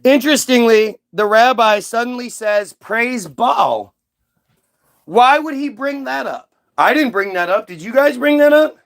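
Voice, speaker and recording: A man's voice: extremely high pitch, normal speed, hardly any pauses. A man hosting his own channel in a heated, profane commentary rant, firing off rhetorical questions. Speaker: commentary host. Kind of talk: ranting commentary.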